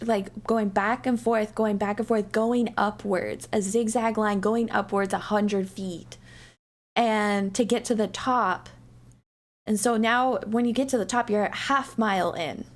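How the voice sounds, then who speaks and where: A chatty young-sounding woman with a fairly high voice tells a story on stream, and her pitch jumps up sharply whenever she acts out what friends said. She rambles through plenty of fillers and restarts. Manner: animated, rambling, lots of "like" and "you know". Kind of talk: casual storytelling chat.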